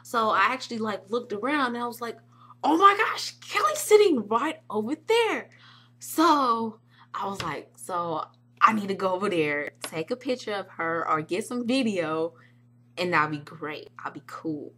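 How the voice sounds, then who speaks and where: A young woman excitedly telling a vlog story, acting out quotes with squeals and shouts. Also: mid-range voice, normal speed, a little hiss or hum. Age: young adult. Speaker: vlogger recounting a club night.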